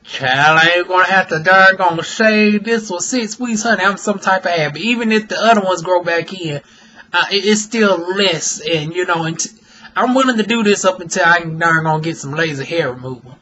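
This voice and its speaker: With a high voice and a fairly quick pace, a young vlogger and aesthetician sasses his audience, addressing them as "honey" and "y'all." The sound is lo-fi with a little hiss or hum.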